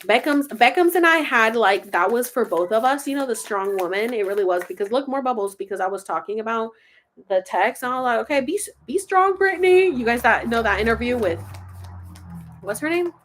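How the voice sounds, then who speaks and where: A chatty woman with a slightly high voice hosts a casual livestream, pulling cards and reading them aloud. She talks loosely and swears freely, laughing between readings. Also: lively intonation, a little fast, fairly bright tone.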